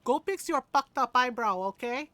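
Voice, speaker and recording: A woman imitating her blunt, cursing mother, scolding loudly in exasperation. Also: high-pitched, moderate pace, no room sound.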